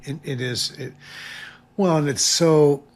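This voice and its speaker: A man's voice: fairly high pitch, takes it slowly. An older man co-hosting a casual recap podcast, thinking aloud in a reflective way with frequent restarts. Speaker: podcast co-host.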